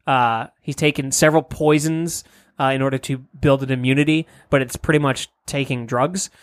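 A man's voice: medium pitch, fairly even intonation, moderate pace. Rambling, laughing podcast host guy. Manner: rambling, laughing, swearing freely. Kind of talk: casual comic-book podcast chat.

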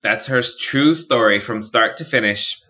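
A man's voice: fairly low pitch, moderate pace, bright, forceful tone. A man co-hosting a podcast, chatting casually and teasing his co-host in an upbeat way. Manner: teasing, upbeat, laughing along. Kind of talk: casual chat.

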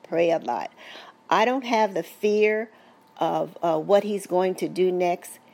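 Older woman caregiver, lowish gravelly voice, gentle faith-filled testimony. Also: animated, slow pace. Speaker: caregiver of a husband with dementia. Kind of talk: personal testimony.

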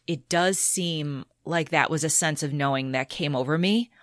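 A middle-aged woman speaks in a lowish, relaxed voice, recalling her past in an open, conversational way. She livens up when she quotes others, and the sound is close and dry with no room echo. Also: moderate pace. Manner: candid storytelling, animated when quoting others. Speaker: podcast guest. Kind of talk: casual conversational interview.

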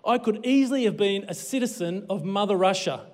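A man's voice: high-pitched, expressive, fairly quick, big-room sound. An Australian man preaching a livestreamed sermon as a pastor, with a jokey, self-deprecating manner.

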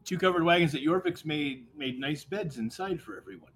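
A man's voice: fairly high pitch, expressive, brisk, a bit bright, soft background music. A man playing a tabletop game, casually describing what his character does. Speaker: player. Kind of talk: tabletop role-play chat.

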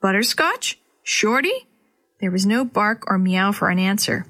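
A woman reading a chapter book aloud to children as host, with clear, expressive storytelling. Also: mid-range voice, normal speed.

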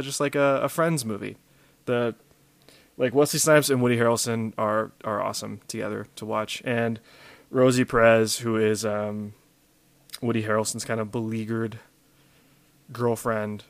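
A man from Louisiana with a mild accent, co-hosting a podcast in a relaxed, rambling chat full of fillers. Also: medium pitch, no room sound. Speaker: podcast co-host. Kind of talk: casual chat.

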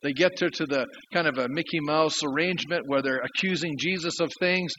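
Man preaching, pastor, earnest storyteller, fairly high voice, slightly dull sound. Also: fairly quick, pushed and bright, a little hiss or hum. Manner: earnest storytelling with emphatic rises. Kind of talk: sermon.

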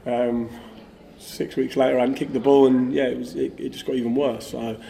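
Mellow-voiced man telling a story. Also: mid-range voice, fairly quick, creaky. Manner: animated, lively storyteller, many fillers like "like". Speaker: former footballer, podcast guest. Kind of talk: casual anecdotal storytelling.

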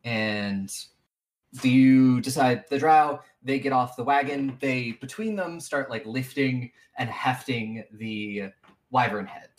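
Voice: medium pitch, slow pace. A game master narrating a tabletop game in a casual, rambling way with many fillers.

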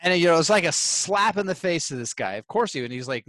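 A man's voice: a little high, fast, hardly any pauses, no echo. Male host, casual storyteller, acts out his quotes, close dry mic. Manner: animated, acts out quoted voices while retelling. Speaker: podcast host.

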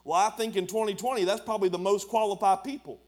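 Man, high-pitched voice, pastor's sermon, emphatic colloquial preaching. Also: fairly even intonation, quick pace, a little mellow. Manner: preaching with rising emphasis and Southern colloquial speech.

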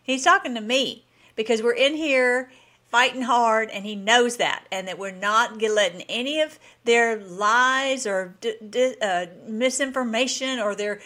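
Woman vlogger talking fast and excited, rambly, lots of restarts, fairly high voice. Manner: enthusiastic, rambling, frequent restarts and laughs. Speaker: host. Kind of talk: casual political commentary vlog.

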